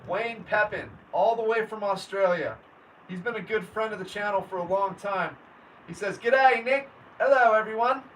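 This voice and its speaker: A man's voice: high-pitched, moderate pace. Chatty man streaming, mic off a bit. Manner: friendly, chatty, addresses viewers by name. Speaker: livestream host. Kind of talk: casual livestream chat reading comments. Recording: distant mic with faint background noise.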